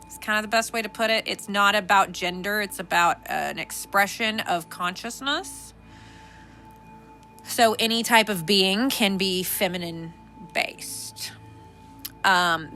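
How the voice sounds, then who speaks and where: A young adult woman hosting a casual podcast, sassy and animated, laughing often. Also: medium pitch. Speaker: podcast host.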